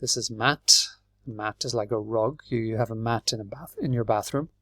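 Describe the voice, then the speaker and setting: A man with an Irish accent teaching English, explaining patiently and clearly and spelling words out letter by letter. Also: lowish voice, fairly even intonation, moderate pace, a bit bright, no room sound, studio quality. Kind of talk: slow, clear classroom explanation.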